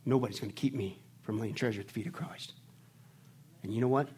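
A man's voice: mid-range voice, quick pace, a little mellow, a little hiss or hum. A male pastor preaching a sermon emphatically, calling on his congregation to respond. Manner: emphatic, calls on the congregation to answer.

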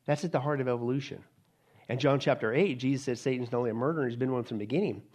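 A man's voice: medium pitch, racing, darkish tone. A male pastor preaching a sermon, emphatic and full of rhetorical questions, calling his listeners "folks.".

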